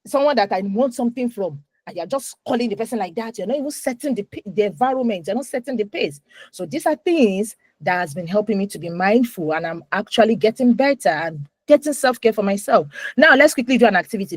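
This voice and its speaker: A woman in her thirties giving an animated, emphatic talk to a moms' group on a video call. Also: a little high, brisk, no echo, poor audio. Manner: animated, emphatic, with repetitions and acted asides. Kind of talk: live online talk.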